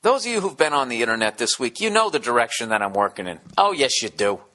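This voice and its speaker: A man's voice: mid-range voice, big pitch swings, quick pace. A man hosting a solo podcast, rambling and ranting with lots of swearing and acting out little scenes. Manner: profane, ranting, acts out bits in character voices; drops to a hushed near-whisper in acted scenes. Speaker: podcast host.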